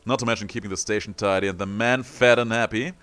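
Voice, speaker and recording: A man voicing a gruff, indignant old ex-soldier who blusters and lectures in an old-fashioned way. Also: lowish voice, fairly even intonation, fast talker, fairly bright tone, lightly acted. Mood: haughty.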